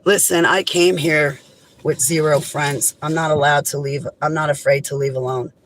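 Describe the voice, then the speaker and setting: A woman vlogger delivering an impassioned, indignant monologue straight to camera, swinging between raised outbursts and low, heavy statements. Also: steady tone, moderate pace, rough recording.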